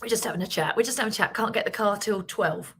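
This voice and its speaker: Chatty fast-talking British woman. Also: medium pitch, breathy edge. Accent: British English. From Britain. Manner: fast-talking, animated, chatty and self-mocking. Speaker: business coach hosting a live stream. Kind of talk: casual live-stream chat, reading out viewer comments.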